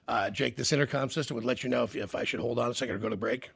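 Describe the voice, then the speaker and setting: A man's voice: medium pitch, racing, vocal fry, a bit bright, husky. A man hosting a morning radio show, joking and teasing callers in rambling banter from the studio.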